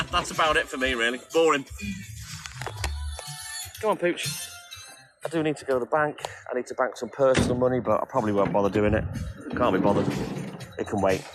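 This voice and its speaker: Poor audio with music underneath carries the mid-range voice of a man from North Wales, speaking with a North Welsh accent. Hosting a livestream, he talks a little fast and pauses often, chatting wryly and casually while answering viewers by name.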